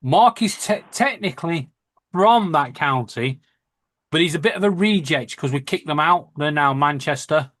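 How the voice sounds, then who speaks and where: A man with a Lancashire accent chats in a slightly high voice, quick to joke and swear. The sound is close and dry, with no room around it. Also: animated, fairly bright tone, no room sound. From Lancashire, England. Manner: swearing, jokey storyteller. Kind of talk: casual chat.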